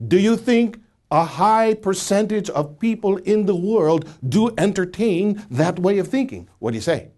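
Male preacher, middle-aged, lively rising and falling delivery, teaching to a studio audience. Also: high voice, measured pace. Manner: animated, questioning the audience, many restarts.

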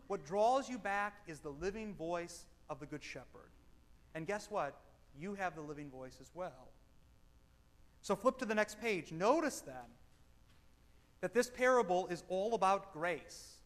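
High-voiced preacher man in a reverberant hall. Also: expressive, a little slow. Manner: emphatic, swinging between loud stresses and quiet asides. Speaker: pastor. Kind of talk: sermon with read-aloud passages.

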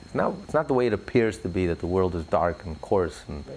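A man's voice: sits low, animated, brisk, a little mellow, a little hiss or hum. A man giving an impassioned religious talk in an interview, fervent and building to emphatic peaks. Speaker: religious speaker.

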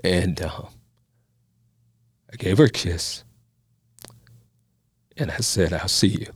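A man's voice: low voice, takes it slowly, husky, no room sound. A man, a minister, telling his own story in a sermon and encouraging his listeners. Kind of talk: testimony sermon.

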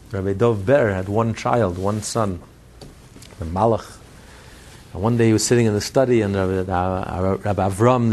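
A man teaching a Hasidic text in a spoken lecture. He builds emphatic runs of repeated phrases, then drops to quiet, low asides. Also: slight background noise. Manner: swings between loud stress and low, quiet asides. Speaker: Torah teacher.

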